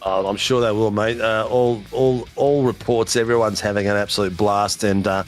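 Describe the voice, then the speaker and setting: A man's voice: fairly low pitch, fairly even intonation, moderate pace, soft background music. An Australian man hosting post-race interviews on a sim racing broadcast, joking and laughing with matey banter.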